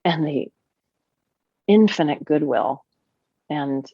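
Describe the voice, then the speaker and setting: An animated, expressive woman talks through her ideas as a podcast guest, her fairly low voice leaping up in pitch when she gets excited. The sound is dry and close, with a dull lo-fi quality. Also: slow pace, creaky, slightly rough, no room sound. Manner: animated, warm and expressive, with big swings in pitch. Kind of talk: conversational podcast interview.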